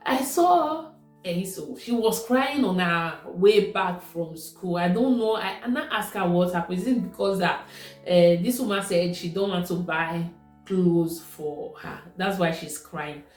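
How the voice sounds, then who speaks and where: A woman's voice: on the low side, unhurried. Nigerian woman telling a story. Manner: conversational, repeats herself. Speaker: vlogger. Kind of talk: casual storytelling. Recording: echoey room with faint music.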